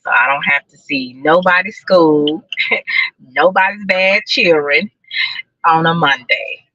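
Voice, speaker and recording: A woman's voice: low-pitched, slow, pushed and bright, no echo, muffled recording. A woman live-streaming casual chat to her viewers from a parked car, talking freely, repeating herself and laughing often. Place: parked car outside a building.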